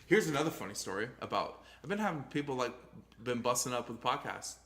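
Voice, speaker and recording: A man's voice: mid-range voice, animated, fast, a bit bright. Rambling swearing man on a podcast. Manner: rambling, swears freely, trails off mid-sentence. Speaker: podcast co-host. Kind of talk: casual chat.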